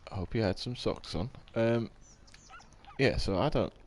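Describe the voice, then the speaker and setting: A man's voice: fairly low pitch, measured pace, a little mellow, slight background noise. A man, chatting casually on a live game stream, rambling and reading out viewer comments.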